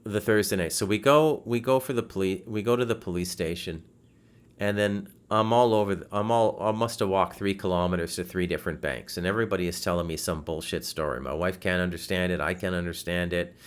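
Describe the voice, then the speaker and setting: A man hosting a podcast over a video call, telling a frustrating story in a casual, animated way, swearing and restarting his sentences. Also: deep voice, brisk, clear, resonant tone. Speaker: podcast host. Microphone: video call setup.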